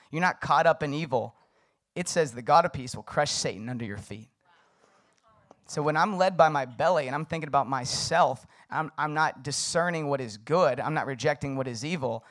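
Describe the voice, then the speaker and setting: Young male pastor, casual conversational sermon, relaxed and filler-heavy. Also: a little high.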